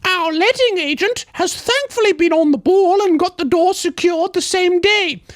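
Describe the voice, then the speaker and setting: Guy doing a squeaky prim english lady, plummy, dry close sound. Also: moderate pace, a bit bright, no room sound. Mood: prim recounting. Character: posh young English woman writing in.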